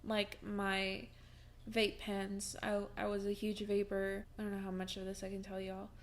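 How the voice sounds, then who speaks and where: A woman's voice: mid-range voice, monotone, unhurried. A young woman vlogging from home, telling a personal story in a casual, chatty way with many fillers and restarts, and breaking into laughs as she talks.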